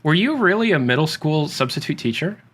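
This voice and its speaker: A man's voice: a little high, expressive, a little fast, fairly bright tone. A male interviewer asking dry follow-up questions and reading prepared bio lines. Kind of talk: casual interview.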